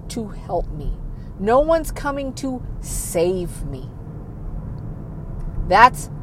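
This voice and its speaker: A woman giving a blunt, self-critical monologue full of swearing, sometimes dropping almost to a whisper. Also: fairly low pitch. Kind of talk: candid monologue.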